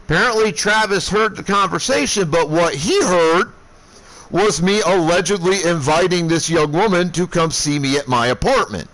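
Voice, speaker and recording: Man streamer, high voice, swearing a lot, heated storytelling, desk mic. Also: moderate pace, rough recording. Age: 30s. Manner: profane, heated retelling, shouting when angry.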